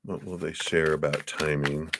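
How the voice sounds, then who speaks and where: A man's voice: very deep voice, flat delivery, normal speed, gravelly, background noise. A man giving a casual live-stream tarot reading, chatty and rambling, often laughing. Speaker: tarot card reader.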